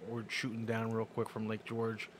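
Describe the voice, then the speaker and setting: A man's voice: fairly low pitch, completely flat delivery, moderate pace, slight background noise. A man co-hosting a casual chat, telling a story in an easygoing, rambling way. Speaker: podcast co-host.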